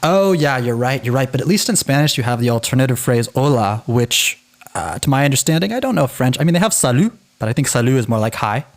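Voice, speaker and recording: A man's voice: mid-range voice, quick pace. Chatty man explaining languages. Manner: chatty, animated, self-correcting restarts. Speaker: podcast co-host. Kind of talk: casual educational chat.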